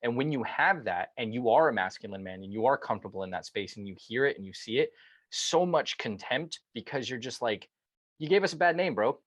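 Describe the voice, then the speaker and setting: A male podcast host with a lowish voice, recorded close and dry. He lays out his views emphatically, leaning on fillers like "right" and "you know.". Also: animated, fairly quick, hardly any pauses, a bit bright, dry recording. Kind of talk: casual podcast conversation.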